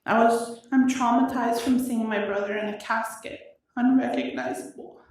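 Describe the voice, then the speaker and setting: A woman reads a prepared statement in a courtroom, her voice wavering and halting with grief. Her voice sits a little high. It comes from a microphone some distance away and rings with a strong, echoey hall sound. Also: fairly even intonation, a little mellow, slight background noise. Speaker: victim's sister giving an impact statement. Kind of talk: reading a prepared statement aloud. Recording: echoey courtroom audio from far off.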